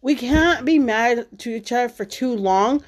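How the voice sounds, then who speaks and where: A woman's voice: on the high side, measured pace. A woman in her forties, a mother hosting a casual family chat, who talks bluntly, swears freely and fills her speech with "like" and "you know". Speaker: podcast host, mother.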